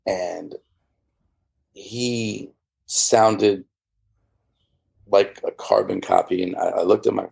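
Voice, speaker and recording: Man, dark mellow voice, rough gravelly edge, rambling candid interview storytelling. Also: lowish voice, steady tone, slow, long pauses. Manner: rambling with many fillers and restarts. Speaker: interview guest, former church member.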